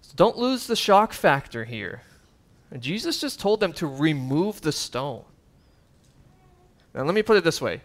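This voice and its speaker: Animated preaching man, fairly high voice. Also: measured pace, pauses often. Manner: animated preaching, rising to emphatic peaks; conversational asides with fillers and chuckles. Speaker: pastor. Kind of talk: sermon.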